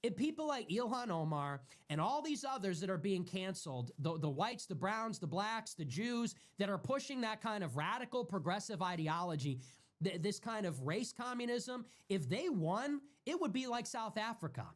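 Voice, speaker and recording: A man's voice: high voice, very animated, moderate pace. A man hosting a livestream, ranting in a heated, profane way and repeating himself for emphasis. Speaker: livestream host. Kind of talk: heated solo livestream rant.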